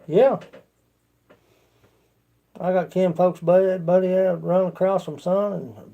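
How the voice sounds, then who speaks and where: A man's voice: high voice, steady tone, slow, creaky, pauses often, narrow, tinny audio. A man with an Appalachian accent, chatting casually with his livestream viewers in a rambling, folksy way. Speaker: livestream host.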